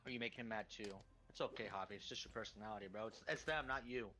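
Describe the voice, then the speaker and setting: A man's voice: fairly low pitch, fast. A man teasing his friend in easygoing banter over a voice call. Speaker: friend on voice chat. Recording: faint voice-chat line with loud noise.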